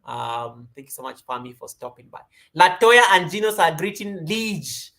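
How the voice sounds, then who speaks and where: She's a woman from Kenya, Kenyan-accented, leading a laid-back yoga livestream while responding to comments. Rambling and greeting viewers by name, she speaks at a normal pace with big pitch swings, her voice often jumping up in pitch and volume.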